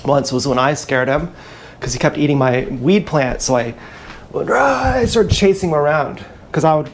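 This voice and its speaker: A man telling a meandering, profane story in a halting, casual livestream monologue, recorded on an action camera mic. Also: fairly high pitch, slight background noise.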